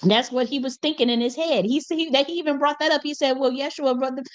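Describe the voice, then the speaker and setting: A young woman hosting a casual storytelling monologue, animated and colloquial, laughing often and swearing freely. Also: high voice, fast talker. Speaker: host.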